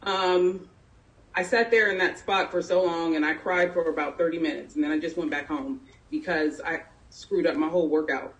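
A woman's voice: deep voice, steady tone, normal speed, recorded from a distance. A middle-aged woman from San Jose candidly telling a personal story at a town hall, in a conversational way with plenty of fillers. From San Jose, California. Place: community town hall meeting.

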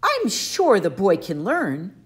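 A woman voicing a kindly, patient male teacher who speaks calmly and formally in a storybook reading. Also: mid-range voice, slow pace, voice pushed up.

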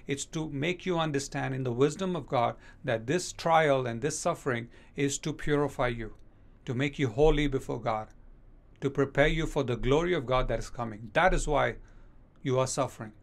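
A man preaching a sermon as pastor, speaking emphatically and slowing down to read scripture verses aloud. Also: mid-range voice, gravelly.

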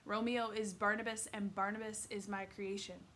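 A woman's voice: medium pitch, little pitch movement, moderate pace, a bit bright, slight background noise, natural voice. A woman voicing a pompous teenage boy ghost from Shakespeare's time, in theatrical, archaic phrasing for a read-aloud. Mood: grandly insistent.

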